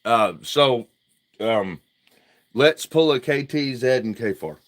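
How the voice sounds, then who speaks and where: A man's voice: medium pitch, expressive, slow, fairly bright tone. A man hosting a casual livestream outdoors at home at night, joking and swearing loosely into a propped-up phone. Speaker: livestream host.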